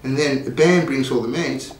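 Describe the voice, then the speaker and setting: A man from Chile, a band member, talking emphatically and tacking "man" onto his phrases. His pitch sits in the middle of the range for a man. He is recorded from across a roomy pub, with faint ambience behind him. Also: moderate pace, slight background noise. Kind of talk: casual interview chat. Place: pub venue. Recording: echoey pub room, mic from far off.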